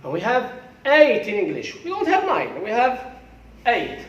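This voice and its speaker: An English teacher with an Algerian accent, a man whose first language is Arabic, giving a classroom pronunciation lesson and slowly repeating words aloud to drill them. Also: extremely high pitch, huge pitch swings, a bit bright, highs cut off, slight background noise. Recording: echoey classroom from far off.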